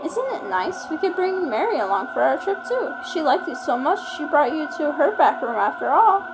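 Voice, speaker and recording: A woman's voice: high-pitched, sing-song, moderate pace, music in the background, voice pushed up, poor audio. A woman voicing an obsessive young woman kidnapper who talks in a sugary, menacing way. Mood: sweetly menacing. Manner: sugary and menacing, calls him "dear".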